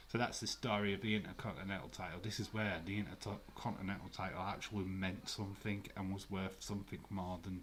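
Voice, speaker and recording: A young man with a somewhat low voice hosts a live stream. He talks loosely and chattily, swears freely, and laughs while answering his viewers. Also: fairly bright tone. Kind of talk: casual live watch-along commentary.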